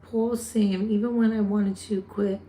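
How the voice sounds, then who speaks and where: A woman's voice: mid-range voice, flat delivery, unhurried, warm tone. Chatty New York woman on a livestream. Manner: chatty, talks back to viewer comments. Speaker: livestream host. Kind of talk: casual livestream chat reading viewer comments.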